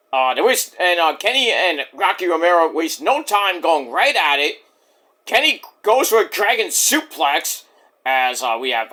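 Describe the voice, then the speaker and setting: A man's voice: fairly high pitch, bright, forceful tone. A man recapping a wrestling show in a casual, jokey way, with mocking asides.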